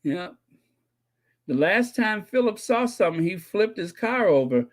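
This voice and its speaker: A man with a high-sitting, animated voice and a slightly slow delivery hosts a casual live stream for his royal commentary channel. He reads viewers' comments and responds jokingly and sarcastically, laughing and repeating himself a lot.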